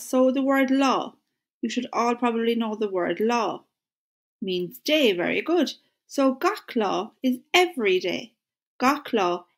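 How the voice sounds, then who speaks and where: A woman with an Irish accent teaching a recorded lesson to schoolchildren, speaking in an encouraging way and slowly repeating phrases for them to say along. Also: a little high.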